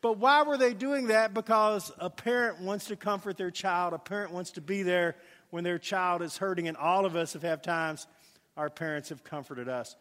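High-voiced man preaching in a reverberant hall. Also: normal speed, fairly bright tone. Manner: storytelling with folksy asides and many fillers. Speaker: pastor. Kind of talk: sermon.

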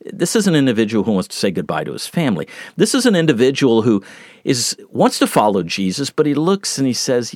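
A middle-aged man preaching a plain-spoken, earnest sermon, teaching with lively shifts in pace and loudness. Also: medium pitch, a little fast, dry recording, studio quality.

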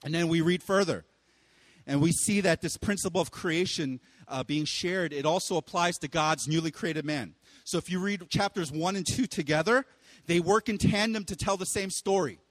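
Young male pastor, high voice, casual animated sermon delivery; long hall reverb. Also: normal speed. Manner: casual, animated, with playful voices and bursts of loud exclaiming.

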